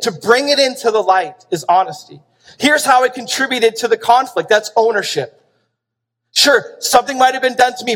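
Pastor, male, very high voice, animated emphatic preacher, big reverberant church hall. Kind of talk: sermon. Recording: long reverb of a large hall.

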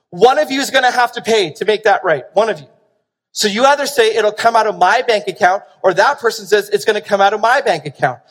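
A man preaching a sermon as pastor, animated and emphatic, pressing points with rhetorical questions. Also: very high-pitched. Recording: long reverb of a large hall.

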